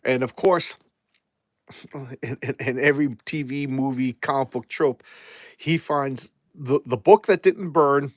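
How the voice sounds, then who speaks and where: A man's voice: mid-range voice, takes it slowly, dry recording, clean studio sound. A man reviewing comic books in a casual live chat, rambling and often repeating and restarting his words.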